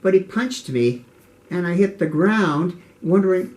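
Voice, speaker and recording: An older man recalling his past in an interview, in a voice sitting a little higher than most men's. He talks in an earnest, halting way, often repeating a word before going on. His telling is plain and reflective. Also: expressive, darkish tone. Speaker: interviewee, martial arts teacher.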